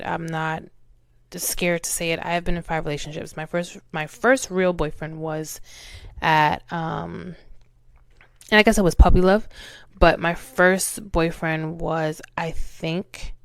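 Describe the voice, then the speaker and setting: A woman's voice: on the low side, vocal fry, clear, resonant tone, dry recording. A young woman hosting a casual talk show, speaking candidly and chattily and laughing at herself. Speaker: podcast host. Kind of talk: casual chat.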